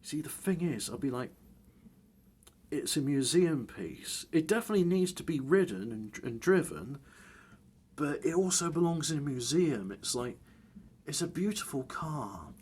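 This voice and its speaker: A man's voice: on the high side, lively intonation, moderate pace, darkish tone, slightly rough. A man in casual chat, rambling and correcting himself with wry asides.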